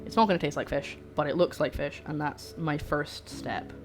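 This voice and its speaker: Woman, cooking stream host, rambling and chatty, fairly low pitch, clear guitar music behind. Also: fairly even intonation, moderate pace. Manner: rambling, self-deprecating, chatty. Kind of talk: casual chatty livestream. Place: home kitchen. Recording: music playing underneath.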